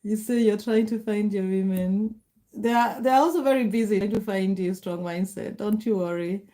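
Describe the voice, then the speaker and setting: A middle-aged woman hosting a casual livestream, warmly greeting viewers by name and laughing often. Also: medium pitch, moderate pace. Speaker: livestream host. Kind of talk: casual livestream chat reading comments.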